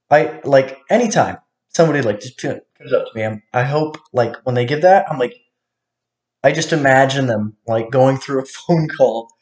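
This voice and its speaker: A man in a casual monologue, ranting with lots of swearing, swinging between low mutters and sudden outbursts. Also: darkish tone. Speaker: vlogger.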